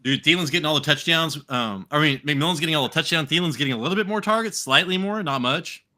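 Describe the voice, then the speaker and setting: A man's voice: fairly high pitch, quick pace. An American man co-hosting a live fantasy football show, rambling and swearing casually while drinking. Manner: profane, rambling, animated. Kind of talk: casual live podcast chat.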